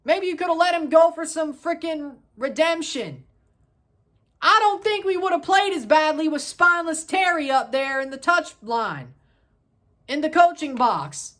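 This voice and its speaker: High-voiced woman ranting about soccer. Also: lively intonation, a little slow, fairly bright tone. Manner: heated, exasperated, swears casually. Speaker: soccer match reviewer. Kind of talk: ranting solo match review.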